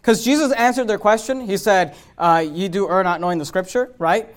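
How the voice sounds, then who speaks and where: A man, a pastor, preaching a sermon in a fervent way, mixing chatty asides full of restarts with loud, emphatic passages that build up. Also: sits high, normal speed. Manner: conversational asides with fillers and restarts.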